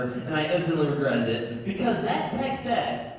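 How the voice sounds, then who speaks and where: A young man performs stand-up, his fairly high voice carrying through a big echoey hall. He is caught from far off, with a faint hiss underneath. He slips into quoted voices and chuckles along with his own punchlines. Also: sing-song, moderate pace. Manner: storytelling, acts out quoted voices, laughs at his own jokes. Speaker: stand-up comedian. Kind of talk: stand-up comedy set. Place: large hall, recorded from far off. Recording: echoey hall, distant mic, faint noise.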